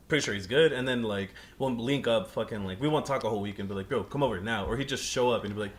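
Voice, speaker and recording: A young man co-hosting a podcast in casual chat, animated and quick, acting out other people's voices in his stories. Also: mid-range voice, slight background noise. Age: young adult. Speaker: podcast co-host.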